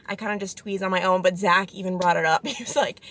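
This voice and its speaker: A woman's voice: mid-range voice, fast talker. A woman in her twenties chatting casually to camera as a vlogger, telling stories with lots of fillers. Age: 20s. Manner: chatty, animated, filler-heavy storytelling. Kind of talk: casual vlog chat.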